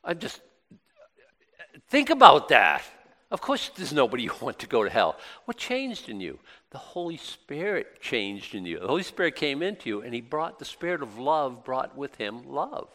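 Male preacher, middle-aged, bright ringing tone, conversational sermon, rhetorical questions. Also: medium pitch, very animated, moderate pace, big-room sound.

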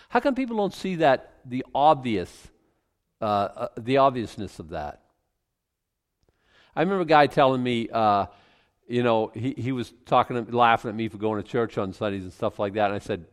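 A man preaching a sermon, reading scripture aloud and commenting in an animated way, chuckling often and restarting his sentences. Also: medium pitch, normal speed. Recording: long reverb from a large hall.

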